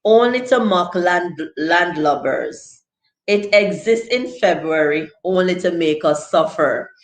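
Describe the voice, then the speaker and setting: Chatty Jamaican woman, slow and low. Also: expressive. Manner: chatty, laughs often, reads viewer comments aloud. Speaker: teacher hosting a live stream. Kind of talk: casual live-stream lesson, reading chat aloud. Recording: echoey room.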